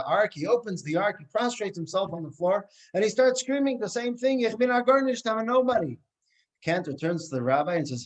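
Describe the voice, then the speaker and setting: A man teaching a Torah class as a rabbi, telling stories in an animated way that swings between quiet and emphatic. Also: a little high, poor audio. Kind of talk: Torah class lecture with storytelling.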